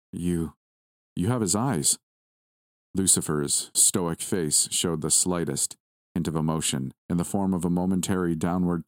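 A man reading a first-person horror story aloud at a steady, measured pace. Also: sits low, dry recording, studio quality. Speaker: story narrator.

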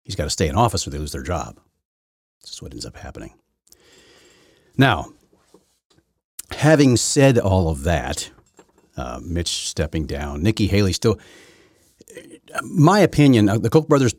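Deep husky man, rambling commentary. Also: sing-song, unhurried, pauses often, a little mellow, no room sound, clean studio sound. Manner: rambling, opinionated, many restarts and stammers. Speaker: podcast host. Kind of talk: political commentary monologue.

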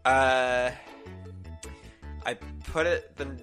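A man's voice: medium pitch, steady tone, drawn-out words, music in the background. A young man playing a tabletop game, hesitant and playful with many ums. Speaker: player.

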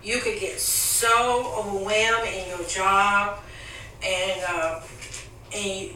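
A woman's voice: mid-range voice, fairly even intonation, slow, pushed and bright, slight background noise. A woman in a family conversation, giving emphatic, preachy advice. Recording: echoey room, mic at a distance.

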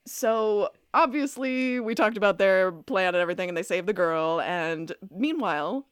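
A woman co-hosting a podcast, chatting casually and excitably, laughing often and filling her talk with "like". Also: medium pitch, moderate pace, slight background noise. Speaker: podcast co-host. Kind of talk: casual recap chat.

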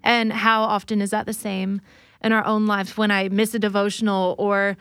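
A woman's voice: mid-range voice, flat delivery, moderate pace, fairly bright tone, clear, resonant tone, dry recording. A woman who leads worship, speaking earnestly and reflectively in a faith conversation, sometimes acting out remembered dialogue. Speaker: worship leader.

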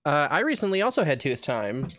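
A man's voice: fairly high pitch, brisk, no room sound. A man co-hosting a casual podcast, telling a story with jokes and profanity and acting out the people in it. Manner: animated, acts out voices in anecdotes; profane, jokey. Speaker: podcast co-host.

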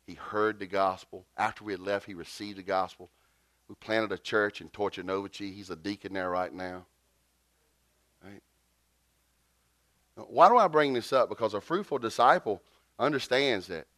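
A man, preaching a sermon and telling a story with lively jumps in pitch. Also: no room sound. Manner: animated, jumps to high pitch for quotes. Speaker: pastor.

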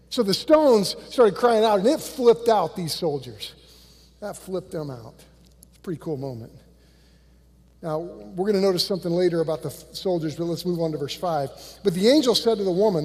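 A male pastor preaching a sermon, animated and conversational, swinging from loud bursts to hushed lines and acting out quotes in a church. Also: sits high, a little fast, slightly rough, big-room sound. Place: church sanctuary.

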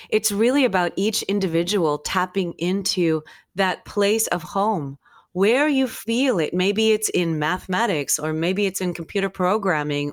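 A woman's voice: medium pitch, dry recording, studio quality. A woman hosting an interview, speaking reflectively and often checking in with her guest. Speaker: podcast host. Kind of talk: conversational interview.

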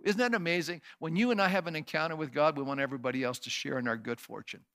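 Bright, high-voiced man preaching a sermon. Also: fast, hardly any pauses. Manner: reads scripture then preaches with rising emphatic repetition; uses sound effects and asks the congregation questions. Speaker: pastor.

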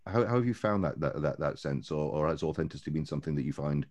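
A man's voice: very deep voice, lively intonation, quick pace, a little mellow. A man hosting a podcast, asking long questions with many repeated words and restarts. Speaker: podcast host. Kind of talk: interview questions.

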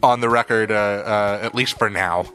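A man's voice: lowish voice, fairly even intonation, moderate pace, fairly bright tone. A man hosting a casual music podcast, enthusiastic, swearing casually and laughing often. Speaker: podcast host.

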